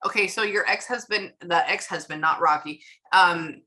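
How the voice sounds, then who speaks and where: A woman working as a psychic medium, chatting casually through a reading and retelling what she hears in quick bursts. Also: fairly low pitch, bright, forceful tone, poor audio.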